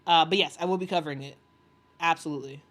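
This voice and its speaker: A woman with a slightly low voice chats casually on a livestream. She reads viewer comments aloud and rambles through fillers and restarts. She laughs often and bursts into enthusiasm. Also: quick pace, fairly bright tone. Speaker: sports commentary host reading live chat.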